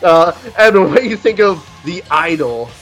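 A man co-hosting a podcast, ranting bluntly and profanely as he tells animated stories. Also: high-pitched, moderate pace, soft background music. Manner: animated storytelling. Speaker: podcast co-host reviewing an album. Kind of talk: casual podcast chat.

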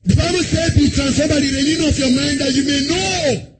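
A male pastor giving a sermon in a church service, chanting lines in a sing-song way, breaking into shouts and firing rhetorical questions at the congregation. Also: extremely high pitch, steady tone, a little fast. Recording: noisy live sermon recording.

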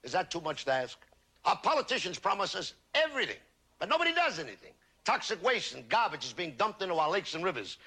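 A man doing a punchy stand-up comedy monologue, played from an archival TV broadcast. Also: sits high. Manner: punchy joke delivery with rising punchlines. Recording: noisy archival TV broadcast with audience. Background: crowd laughter.

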